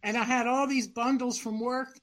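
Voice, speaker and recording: A woman's voice: on the high side, fairly even intonation, moderate pace. An older woman, the host's mother, giving brief, blunt answers in a casual chat.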